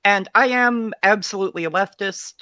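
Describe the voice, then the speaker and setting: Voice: mid-range voice, moderate pace, sharp tone, no room sound, studio quality. An interview guest speaking frankly and bluntly in long, unbroken runs of casual talk.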